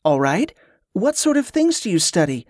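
A reader voicing Carla, a brisk, wry young woman traveler, raising the voice into a lighter register for her lines in an audiobook. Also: mid-range voice, big pitch swings, darkish tone, no echo, studio quality, voice pushed up, close to an everyday voice. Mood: coaxing. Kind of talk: audiobook character voice.

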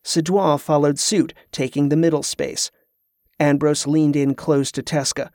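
A man narrating an adventure novel in an even, measured storytelling manner. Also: on the high side, no echo, clean studio sound. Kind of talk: audiobook narration.

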